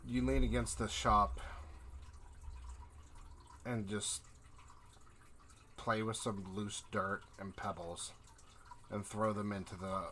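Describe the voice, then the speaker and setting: A male game master narrates a tabletop game in leisurely, descriptive passages. His voice is low and unhurried, with a bright, forward tone. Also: steady tone, slight background noise. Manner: slow, descriptive scene-setting narration.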